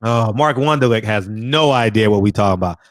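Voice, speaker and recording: A man hosting a casual livestream, from the American South, trading loud, profane, laughing banter with his viewers. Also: on the low side, brisk, no echo, clean studio sound. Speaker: livestream host chatting with viewers.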